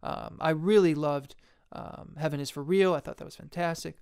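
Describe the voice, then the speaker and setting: Nervous rambling man with a gravelly voice. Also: fairly even intonation, normal speed, a little mellow. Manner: jumpy, nervous, laughs often, sudden high squeaky jumps. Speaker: independent filmmaker. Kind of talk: rambling self-deprecating monologue.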